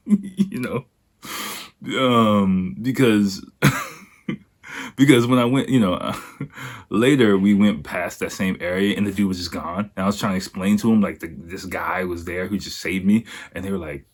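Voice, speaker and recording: A man's voice: low-pitched, moderate pace, husky. A young man hosting a podcast, telling a story casually with frequent laughter and acted-out voices. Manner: laughs often, animated, acts out voices. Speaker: podcast host.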